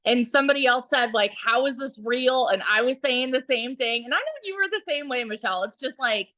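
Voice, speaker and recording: A chatty woman in her thirties, a guest on a casual livestream interview, shares her story in a high, bright, fast voice with a sharp, forward tone. She tells it loosely and excitedly, often turning to address viewers, and the sound is dry and close with no room sound.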